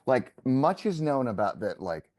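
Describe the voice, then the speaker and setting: Mellow-voiced man in rambling podcast chat. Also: medium pitch, very animated, a little slow. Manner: rambling, self-correcting, thinks aloud. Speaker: podcast guest.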